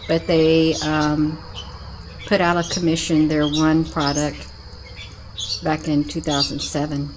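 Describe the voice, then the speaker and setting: Chatty low-voiced woman filming outdoors. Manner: chatty, coaxing, calls everyone honey. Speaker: vlogger filming the sky. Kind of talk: casual running commentary while filming. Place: outdoors by her house with birds around. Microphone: camera mic. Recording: loud outdoor noise with birdsong.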